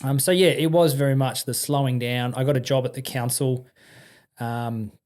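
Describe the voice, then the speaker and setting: An Australian man, a podcast guest, telling blunt, lively anecdotes in casual conversation with frequent restarts and slang. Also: medium pitch, moderate pace.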